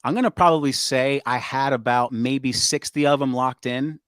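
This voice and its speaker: A man guest on a talk show, chatting in a relaxed way with lots of fillers about doing impressions. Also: medium pitch, normal speed, dry recording, clean studio sound. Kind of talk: casual interview chat.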